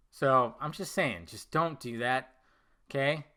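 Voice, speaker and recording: A man's voice: medium pitch, slow pace, sharp tone. A man hosting a solo podcast, ranting heatedly and swearing a lot. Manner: heated, swearing, emphatic rants. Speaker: podcast host.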